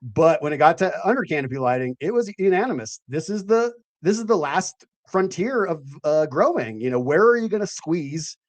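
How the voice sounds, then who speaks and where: A man hosting a casual late-night chat, profane and rambling. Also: fairly high pitch. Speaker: host.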